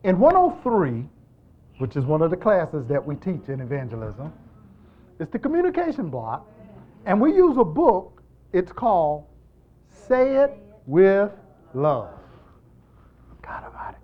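A man preaching a sermon in an animated, emphatic style, repeating lines and moving between loud and hushed delivery. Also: sits high, unhurried, pauses often, muffled recording. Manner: repetitive, emphatic call-and-response delivery.

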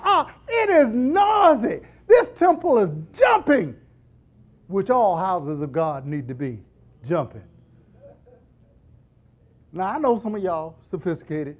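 Male pastor, animated pulpit delivery with call-and-response, wide swinging pitch, builds to shouts. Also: slow pace, pauses often. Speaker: preacher. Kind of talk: sermon.

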